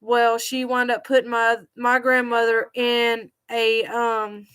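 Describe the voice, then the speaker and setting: A woman's voice: completely flat delivery, a bit bright, clear, resonant tone. Grieving woman telling a personal story. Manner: halting and heartfelt, voice dropping low when sad. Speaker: vlogger.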